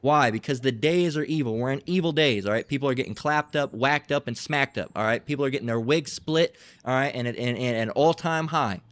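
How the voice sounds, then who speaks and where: A man's voice: mid-range voice, fairly quick, hardly any pauses, a bit bright, no echo. A man preaching in a blunt, profane, emphatic style, repeating himself and acting out quarrels.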